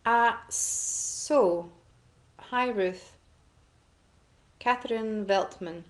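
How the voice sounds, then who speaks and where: A woman's voice: on the high side, extremely slow. A woman in a chatty, rambling and self-deprecating casual chat to camera, answering fan requests as an actress.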